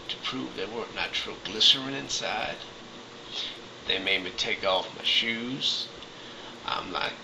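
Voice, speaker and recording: Brief: low-voiced male trucker, indignant comedic rambler, noisy background. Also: recorded from a distance. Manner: indignant, rambling, clueless bluster. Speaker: truck driver.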